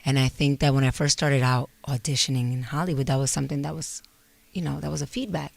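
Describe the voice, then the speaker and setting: A woman's voice: a bass voice, steady tone, fast, creaky. A woman in her forties from New York City with a New York accent, talking as a guest in a casual interview and slipping between English and Spanish. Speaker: guest actress.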